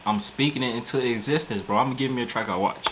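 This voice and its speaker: An excitable man comments casually on a music video, full of slang and talking right to his audience. His voice sits at an ordinary middle pitch, with a faint hum of room ambience behind him. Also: fast. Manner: excitable, slangy, talks straight to viewers. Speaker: music reaction channel host.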